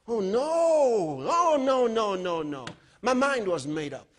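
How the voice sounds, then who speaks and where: A middle-aged man preaching a sermon as a pastor, emphatic, moving between loud outbursts and low, quiet storytelling. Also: sing-song, slow.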